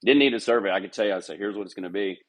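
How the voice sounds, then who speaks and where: A man's voice: fairly low pitch, very fast. A middle-aged man talking candidly as a podcast guest, telling workplace stories and mimicking other people's voices. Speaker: golf club manager, podcast guest. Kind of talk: casual interview chat.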